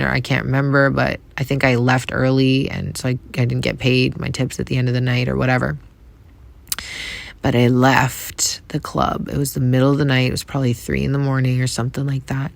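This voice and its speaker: A woman from Canada hosting a podcast, telling a personal story in a soft, reflective way with many hesitations. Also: a bass voice, gravelly, no room sound. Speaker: podcast host.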